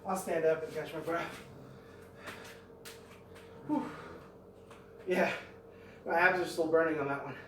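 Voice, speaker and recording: Recorded from a distance in an echoey room, a middle-aged man vlogs his home workout, rambling and thinking out loud. He speaks a little fast in a high-ish, fairly bright voice with fairly even intonation, and there's slight background noise.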